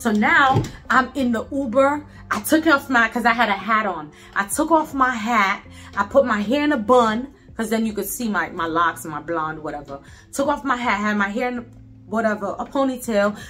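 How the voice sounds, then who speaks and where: Animated high-voiced Brooklyn woman. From Brooklyn, New York. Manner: animated, profane, emphatic. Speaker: storyteller vlogger. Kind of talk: casual storytime.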